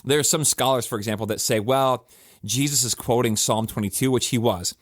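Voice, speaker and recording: A man of middle pitch speaks as a pastor looking back on a sermon, his talk casual and earnest. He doubles back on words to press a point home. The sound is close and dry, with no room echo. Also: a little fast. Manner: earnest and conversational, with emphatic restarts. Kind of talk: reflective podcast talk.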